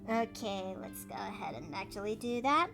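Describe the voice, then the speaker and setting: A woman from Canada streams her drawing and chats as she works, her voice pitched high. She talks her process through out loud, with gasps and playful asides. Soft music plays faintly behind her. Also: vocal fry. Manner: chatty, thinks aloud, with gasps and playful asides. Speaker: streamer and artist. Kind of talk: casual chat while drawing live.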